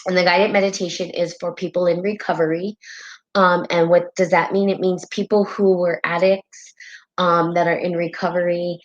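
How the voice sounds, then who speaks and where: A woman's voice: lowish voice, level tone, moderate pace, dull audio. A woman hosting a spiritual live stream in casual talk, heartfelt and rambling, often tagging her sentences with "right?", and tearful at times.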